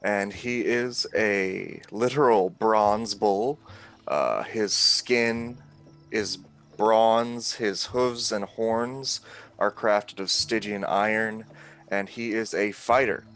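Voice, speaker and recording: A man playing in a tabletop game, explaining his character's background in a steady, explanatory way. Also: on the low side, slow pace. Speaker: player.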